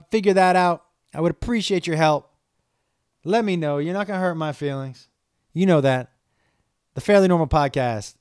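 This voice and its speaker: Middle-aged male podcast host, slightly high voice, loose, candid and profane, dry studio sound. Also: darkish tone, clean tone, dry recording. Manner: candid, rambling, swears freely, pleading tone. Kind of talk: casual solo podcast talk.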